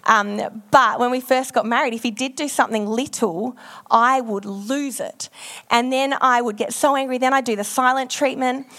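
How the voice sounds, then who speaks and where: A woman's voice: fairly high pitch, fairly even intonation, moderate pace, sharp tone. A woman pastor preaching a sermon, telling frank, self-deprecating stories in a loose, conversational way with plenty of ums and likes.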